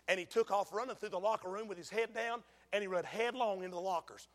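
A man preaching a fiery sermon in a large church, swinging from hushed pleading to shouting. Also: sits high, fast talker. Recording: long church hall reverb.

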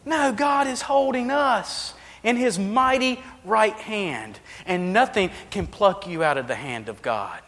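A man preaching a sermon as pastor, swinging between hushed, intimate lines and loud, emphatic ones. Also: high-pitched, expressive, a little slow, few pauses, long reverb tail. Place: church sanctuary.

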